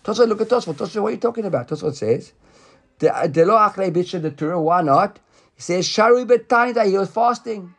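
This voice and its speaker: Leading a class explaining a Talmud text, a man with a slightly higher voice walks through each step in a lively way. He voices the rabbis' lines as he reads them and checks in with a student by quizzing him as he goes.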